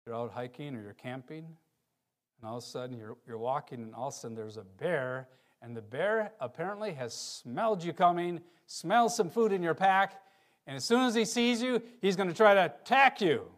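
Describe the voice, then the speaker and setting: A man preaching a sermon, reading scripture aloud and swinging between loud emphasis and quiet, low passages. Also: expressive, moderate pace. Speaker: pastor.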